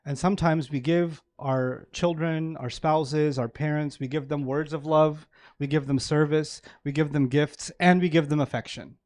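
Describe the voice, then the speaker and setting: A male preacher giving a sermon to an audience, animated, acting out everyday examples and laughing often. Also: fairly high pitch, moderate pace, no room sound, studio quality.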